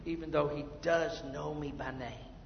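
A man preaching a sermon as pastor, swinging between hushed, drawn-out asides and emphatic, rising swells. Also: fairly high pitch, steady tone, vocal fry, slight background noise. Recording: echoey hall, slightly dull sound.

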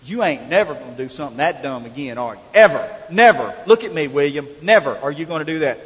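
A preacher voicing a stern small-town cop. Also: male voice, high-pitched, lively intonation, fairly quick, big-room sound, lo-fi sound. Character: stern middle-aged male small-town police officer.

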